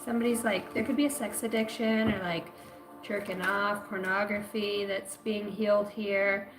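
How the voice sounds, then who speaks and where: A woman's voice: mid-range voice, flat delivery, moderate pace. Rambling, profane woman doing an intuitive reading. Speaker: spiritual reader. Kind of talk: live-stream intuitive reading. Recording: echoey room with music behind.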